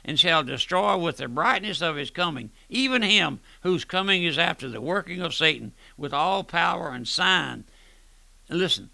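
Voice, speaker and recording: Fervent preacher with a gravelly voice. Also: male voice, a little high, no room sound. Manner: fervent, repeats "my friend", swings loud and soft. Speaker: radio preacher. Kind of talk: radio sermon.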